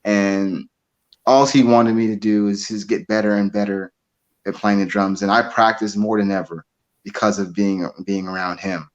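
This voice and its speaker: A man in his twenties, a drummer, telling stories in a casual interview, animated and repeating his words. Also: lowish voice, normal speed, highs cut off. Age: 20s. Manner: animated storyteller, repeats words, acts out quoted voices. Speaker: drummer and guest.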